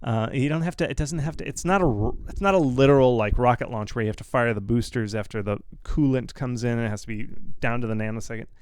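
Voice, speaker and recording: A man's voice: mid-range voice, a little mellow, smooth, no room sound. Blunt, reassuring man hosting a Q&A. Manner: blunt, reassuring, repeats himself, quick asides. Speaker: host answering viewer questions. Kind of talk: casual live Q&A.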